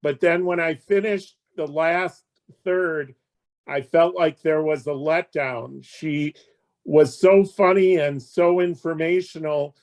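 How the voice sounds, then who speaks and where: A man's voice: a little high, fairly even intonation, slow pace, a little mellow. A man in a book club discussion, giving a frank opinion. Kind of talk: casual discussion.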